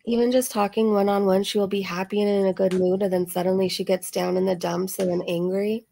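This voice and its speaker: A reaction channel host speaks fairly quickly in a medium-pitched, level voice that is creaky yet mellow. Chatty and sarcastic, she laughs often, and some earlier screaming has strained her voice a little.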